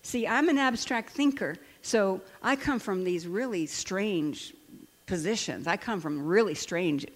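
An older woman preaching in a large hall, her voice trailing into a long reverb. She tells stories animatedly, laughs often, and speaks at a middle pitch. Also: lively intonation, a little slow. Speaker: Christian speaker and counselor. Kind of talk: sermon with personal stories.

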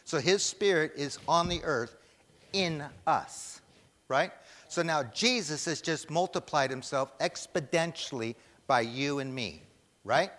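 Preaching a sermon with emphasis, a man asks the congregation questions and pauses for their replies. His voice is fairly high and bright, his pace measured, and a long hall reverb fills the recording.

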